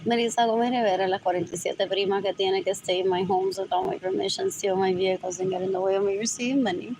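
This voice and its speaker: A woman's voice: medium pitch, fairly even intonation, fast, background noise. A woman talking alone on a livestream, rambling and muttering, repeating herself and switching languages mid-sentence. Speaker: livestream host. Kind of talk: rambling solo livestream talk.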